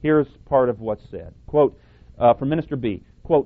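A man's voice: mid-range voice, lively intonation, moderate pace. A man teaching on scripture, emphatic and at times sarcastic as he quotes and rebuts other ministers. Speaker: preacher. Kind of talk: radio Bible teaching. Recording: tinny phone-like audio.

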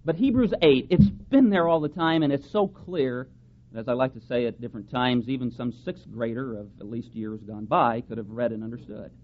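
A man's voice: medium pitch, normal speed. A man preaching a sermon, reading scripture aloud and pressing his points with strong rises in emphasis. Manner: emphatic, rising and falling for stress, reads scripture aloud. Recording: dull lo-fi sound with faint background hiss.

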